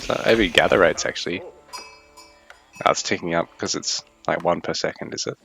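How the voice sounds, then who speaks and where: A young man casts a strategy game in a relaxed, thinking-aloud way. His voice sits a little low and stays mostly even. Faint music plays underneath. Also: brisk, vocal fry. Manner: chatty, thinking aloud, fairly even delivery. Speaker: esports caster. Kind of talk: casual live game commentary.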